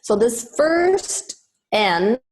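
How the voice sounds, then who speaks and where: A woman's voice: fairly high pitch, big pitch swings. A woman yoga teacher explaining Sanskrit pronunciation, sounding out letters one by one. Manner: explanatory, demonstrates sounds slowly.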